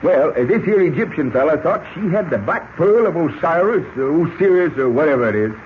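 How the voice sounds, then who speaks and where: A man voicing a stubborn old cowboy prospector, slangy Western drawl, lively pitch, 1940s radio drama, lo-fi recording with faint hiss. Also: fairly quick, natural voice. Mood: wary.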